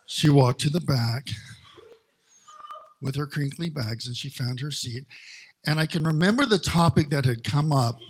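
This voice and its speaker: With wry humor, a middle-aged male minister recounts personal stories in his sermon, speaking slowly as if in conversation. His pitch is fairly high, and his voice sounds slightly rough.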